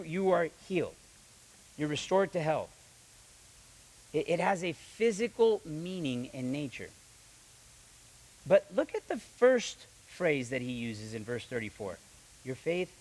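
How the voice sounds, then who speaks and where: A pastor, a young man, preaches a sermon with lively delivery, reading scripture aloud and acting out the voices he quotes, often repeating himself. His voice sits a little high, and the recording is rough.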